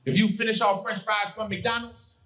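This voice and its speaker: A middle-aged man from Hawaii performing animated stand-up on a comedy stage, shouting his punchlines. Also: sits high, normal speed. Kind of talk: stand-up routine. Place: comedy stage before a live audience. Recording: live show with loud crowd.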